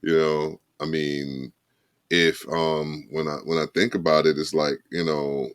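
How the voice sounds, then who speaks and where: A man co-hosting a podcast, talking in a reflective, halting way with many restarts. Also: very deep voice, little pitch movement, smooth, dry recording, studio quality. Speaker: podcast co-host. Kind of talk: casual podcast chat.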